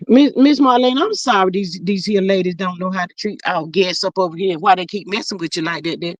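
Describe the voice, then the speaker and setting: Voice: medium pitch, brisk, no room sound, natural voice. A performer voicing a defensive, folksy older mother who rambles and calls everyone honey, chatting in character on a livestream. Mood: protesting. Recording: slightly muffled dry livestream audio.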